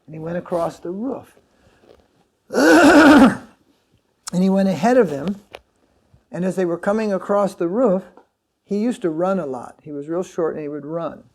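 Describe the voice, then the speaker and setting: A man giving a sermon as a swami, telling a story in a halting way with many fillers and restarts. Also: high-pitched, expressive.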